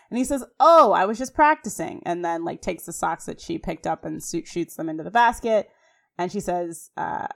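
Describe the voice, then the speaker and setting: Chatty woman podcast co-host. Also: lowish voice. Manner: chatty, animated retelling with frequent fillers and laughs. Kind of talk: casual scene-by-scene recap.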